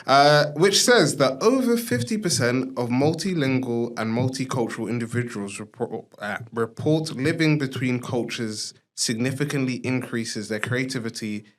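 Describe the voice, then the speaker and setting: A man's voice: mid-range voice, normal speed, few pauses. Chatty male podcast host. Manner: chatty, many fillers like "like" and "um", encouraging murmurs. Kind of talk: casual interview chat.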